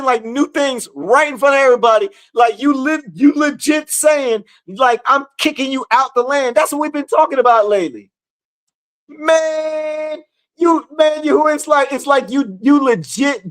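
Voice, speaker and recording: Slow, emphatic man reading scripture. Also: very high voice. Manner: reads scripture slowly, then bursts into excited preaching asides; slangy, emphatic, repeats words. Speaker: Bible study teacher. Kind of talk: live scripture study reading and commentary.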